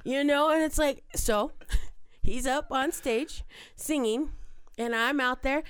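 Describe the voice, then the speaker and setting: A woman hosting a podcast, telling a story in casual chat, animated and profane, laughing often. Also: high voice, slow pace, no echo, studio quality. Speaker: podcast host.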